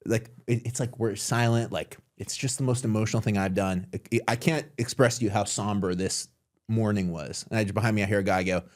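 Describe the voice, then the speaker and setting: A man's voice: on the low side, steady tone, fairly quick. A man hosting a podcast in casual chat, making dry, joking asides and telling his own stories. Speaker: podcast host.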